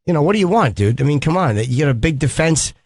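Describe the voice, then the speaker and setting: A man's voice: fairly high pitch, lively intonation, quick pace, darkish tone, slightly rough, dry recording, clean studio sound. A man co-hosting talk radio, blunt and teasing in casual banter. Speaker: radio co-host.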